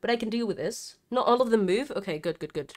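A woman's voice: medium pitch, animated, fast. A woman streamer giving live gameplay commentary, nervous and chatty, swearing a lot and talking back at the characters on screen. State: nervous and scared.

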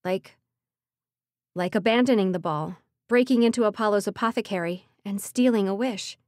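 A woman narrating a fantasy audiobook in a steady, measured storytelling voice. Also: medium pitch, no echo, clean studio sound. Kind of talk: scripted narration.

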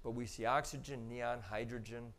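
A man giving a public talk about space images, walking the audience through slides in a relaxed, conversational way with frequent pauses and filler words. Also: medium pitch. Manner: conversational, explaining step by step with frequent "um" and "you know".

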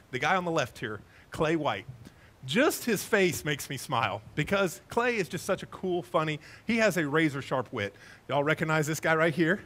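A man, a pastor preaching a sermon in a church, lively and conversational, telling stories to his congregation. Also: fairly high pitch. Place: church sanctuary.

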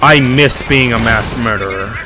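A man giving loud, excitable commentary while playing a video game, often yelling and repeating himself in panic. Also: mid-range voice, moderate pace. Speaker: gamer. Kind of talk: let's play commentary. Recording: game music behind voice.

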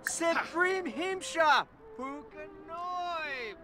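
A chirpy gibberish-talking game character. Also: female voice, very high voice, expressive, very slow, heavily acted. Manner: speaks playful invented gibberish, often laughing. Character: cheerful game character giving a gibberish speech.

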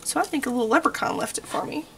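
A woman's voice: high voice, rapid-fire, vocal fry, very noisy. A young adult woman with a Texan accent giving a homey, chatty crafting tutorial, full of y'all and okay. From Texas.

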